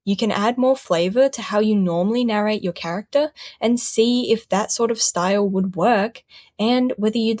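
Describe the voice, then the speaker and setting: A woman's voice: medium pitch, normal speed, darkish tone. A woman hosting a tutorial and explaining the basics of roleplay in a friendly, explanatory way. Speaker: host.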